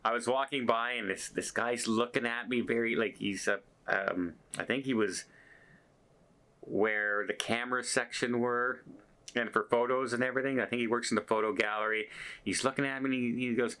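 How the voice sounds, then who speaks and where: A man's voice: mid-range voice, brisk, bright, forceful tone. A man telling stories to the camera as a cruise vlogger, in an earnest, appreciative and rambling way. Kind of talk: casual storytelling to camera.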